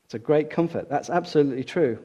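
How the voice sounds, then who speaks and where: A man's voice: fairly high pitch, fast talker, mellow, muffled recording. A man preaching a sermon as a preacher in a church, earnest and emphatic, repeating key words for stress.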